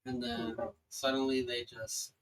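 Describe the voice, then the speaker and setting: A man's voice: mid-range voice, level tone, a little slow, slight background noise, low-quality recording. A man running a tabletop game as game master, narrating a battle in a loose way with many fillers.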